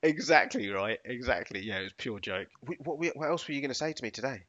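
A man co-hosting a podcast, animated and quick to laugh, with rambling asides. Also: medium pitch. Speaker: podcast co-host. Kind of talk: casual banter. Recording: dull lo-fi recording.

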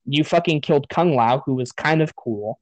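Podcast dude ranting and swearing, slightly high voice, dead dry sound. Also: male voice, moderate pace, no room sound, poor audio. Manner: profane, sarcastic ranting. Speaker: podcast host. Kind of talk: casual podcast movie rant.

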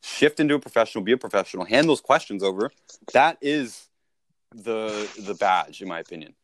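A man's voice: fairly low pitch, expressive, a little fast, slight background noise. A man coaching salespeople in a casual conversation, punchy and emphatic, often checking in with "right?".

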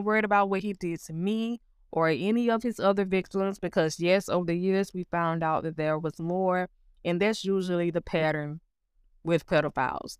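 A woman's voice: on the low side, clean tone, no echo, clean studio sound. A woman giving a personal spiritual testimony in an earnest way, calling the listener honey. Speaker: testimony speaker.

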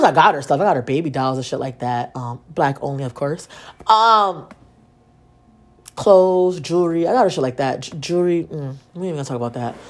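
A young woman, telling stories casually and profanely on her own podcast. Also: low voice. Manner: profane, animated, slangy. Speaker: podcast host. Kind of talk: casual solo storytelling.

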